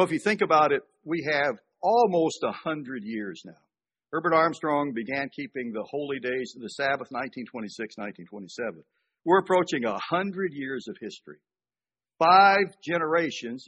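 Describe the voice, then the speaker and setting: An older man from Georgia preaching a sermon, speaking conversationally with dramatic pauses and rising emphasis. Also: medium pitch, expressive, a bit bright, husky. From Georgia, USA. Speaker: pastor.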